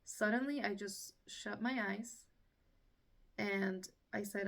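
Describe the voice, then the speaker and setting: A woman's voice: mid-range voice, fairly even intonation, takes it slowly, creaky, long pauses, distant mic. A woman casually telling her own story, acting out what people said and laughing through the tense parts.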